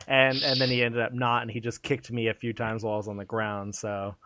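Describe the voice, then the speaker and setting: A man co-hosting a casual gaming podcast, animated and profane, acting out game scenes in quick put-on voices. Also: medium pitch, slight background noise. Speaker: podcast co-host.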